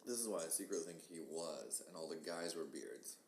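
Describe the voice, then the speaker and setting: A deep-voiced man from Kansas hosts a casual chat with wry, teasing humor. The sound is roomy, with a faint layer of background noise. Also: brisk.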